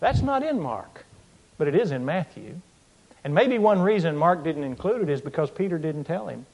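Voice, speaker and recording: Lively, emphatic male preacher. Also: a little high. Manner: emphatic, with dramatic pauses and swells in volume. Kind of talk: sermon.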